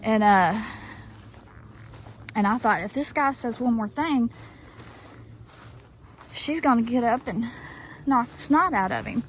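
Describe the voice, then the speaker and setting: In a rough recording made in rural woods, a woman from Arkansas tells her viewers a story in a folksy drawl, calling them y'all. Her voice is a little high with lively intonation, and she takes it slowly, pausing often. Crickets and insects chirp amid faint outdoor noise.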